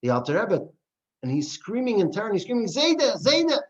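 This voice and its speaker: A man with a fairly high voice teaches an adult lesson as a rabbi. He poses rhetorical questions and tells stories in lively voices. The recording sounds dull and lo-fi. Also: fast talker.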